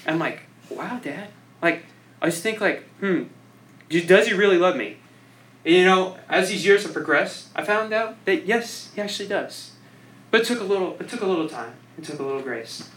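In a rough recording, a young man with a slightly high, fairly bright voice speaks informally to a group. He rambles, pokes fun at himself, laughs often, and fills his sentences with "like."

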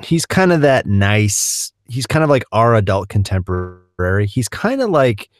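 A man co-hosting a podcast, talking in easygoing, jokey casual chat and musing out loud. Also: on the low side, very animated, unhurried, dry recording, clean studio sound. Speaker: podcast co-host.

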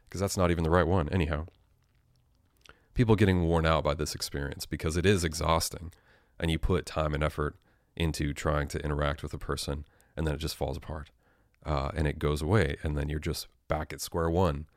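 A man's voice: extremely low pitch, no echo, clean studio sound. A young man hosting his own casual solo show, rambling and self-mocking, with frequent fillers and casual swearing. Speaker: podcast host.

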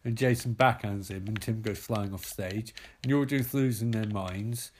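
A man's voice: lowish voice, moderate pace, darkish tone, slight background noise. Man, rambling comic storyteller, swearing, faint keyboard typing behind. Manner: profane, rambling, mid-story asides.

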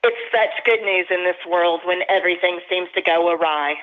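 An earnest pastor preaches a sermon at an even middle pitch, slowing down to lean on the phrases that matter. The voice comes through narrow and tinny, like a telephone line. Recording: tinny phone-line sound.

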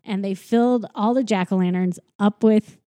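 A woman from the United States cohosting a podcast, casually retelling a story and acting out characters with quick voices and frequent laughs. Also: medium pitch, dark tone, dry recording. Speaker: podcast co-host. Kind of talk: casual chat retelling a TV special.

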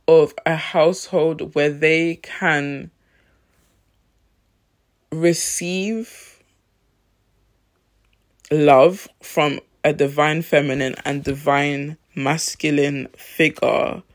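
A man giving a reflective talk on faith, thinking aloud with pauses and restarts. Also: fairly high pitch. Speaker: Christian vlogger.

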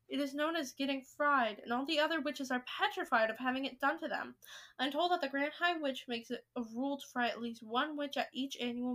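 A woman's voice: sits high, a bit bright. A woman voicing a shrewd, cigar-smoking old grandmother who is fond of her grandson, read aloud from a storybook.

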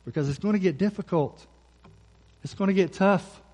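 A man preaching a sermon as pastor, emphatic, repeating key phrases and slowing down for scripture. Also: high voice, darkish tone.

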